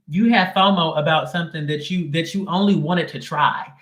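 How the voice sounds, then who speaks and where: A man's voice: fairly high pitch, normal speed, a bit bright, reverberant. A man giving a casual live tarot reading in a sassy, slangy, emphatic way. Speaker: tarot reader.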